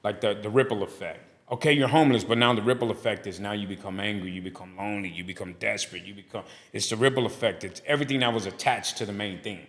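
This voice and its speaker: A middle-aged man with a fairly low voice talks fast and barely pauses. He's a guest on a laid-back podcast, a barbershop owner and pastor, spinning animated stories and acting out the people he quotes.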